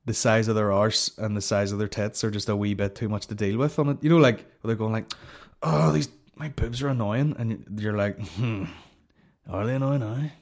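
A man hosting a comedy podcast, rambling in profane, sarcastic banter. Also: on the low side. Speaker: podcast host.

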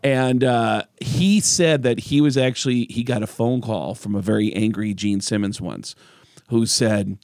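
A man's voice: on the low side, a little slow, dry recording, clean studio sound. A man, a stand-up comedian, telling an anecdote on a podcast and acting out the voices of the people in it. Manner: animated storyteller, acts out voices.

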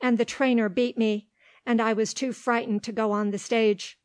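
A woman's voice: fairly high pitch, steady tone, moderate pace, darkish tone, no room sound, studio quality, close to an everyday voice. A woman reading a timid, frightened little dog. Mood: fearful. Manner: shrinking, fearful, gasping. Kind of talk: audiobook reading.

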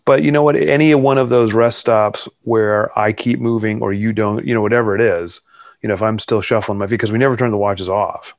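Low, gravelly-voiced man chatting. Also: steady tone, brisk, no echo. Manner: chatty, self-deprecating, many restarts. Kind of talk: casual chat.

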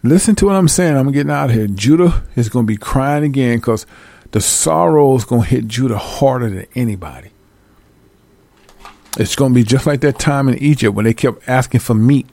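A man's voice: mid-range voice, lively intonation, fairly quick, warm tone, no echo. A man preaching in a casual street style, giving blunt, slangy warnings to his followers. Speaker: religious teacher addressing followers.

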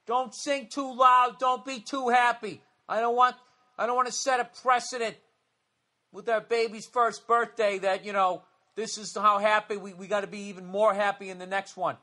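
A man putting on the voice of a stingy, controlling father who nags his family to keep quiet. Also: sits high, level tone, moderate pace, pitched above the performer's own voice. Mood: nagging.

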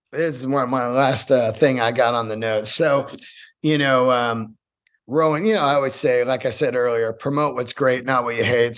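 A man hosting a casual solo podcast, swearing freely and rambling in an animated way. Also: medium pitch. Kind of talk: casual monologue.

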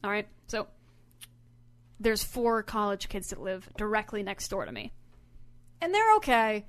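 A woman co-hosting a podcast, telling a story in a casual, animated and emphatic way. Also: mid-range voice, measured pace. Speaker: podcast co-host. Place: lives in Houston area.

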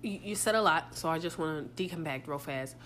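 A woman's voice: sits low, fairly quick, a little hiss or hum. A woman co-hosting a casual chat, telling stories with lots of laughter and acted-out quotes. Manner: animated, laughs often, acts out quotes. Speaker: podcast co-host.

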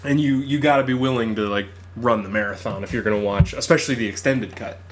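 A man's voice: mid-range voice, quick pace. A man co-hosting a casual podcast, talking about films with enthusiasm. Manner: enthusiastic, animated film talk. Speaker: podcast co-host. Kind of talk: casual chat.

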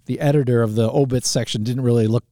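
A man's voice: mid-range voice, fairly even intonation, fast, dark tone, no room sound, studio quality. A man from Canada hosting a live call-in talk show, chatting casually with rambling asides, fillers and restarts.

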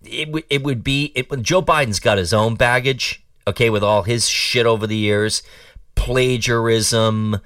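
A man's voice: medium pitch, steady tone, a little slow, a bit bright, no echo, recorded from a distance. Man, talk show host, political commentary, sarcastic, rambling, dry close sound. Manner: sarcastic, mocking, rambling with restarts.

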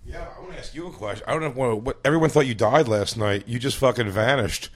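Male comedian guest, mid pitch, teasing banter, a bit off mic. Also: quick pace. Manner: teasing, laughing storyteller. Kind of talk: casual green room chat. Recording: off mic, quieter.

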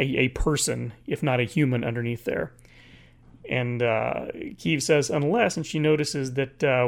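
Gravelly man recapping a comic book. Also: mid-range voice. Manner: halting, many fillers and restarts. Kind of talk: casual comic recap, reading dialogue aloud.

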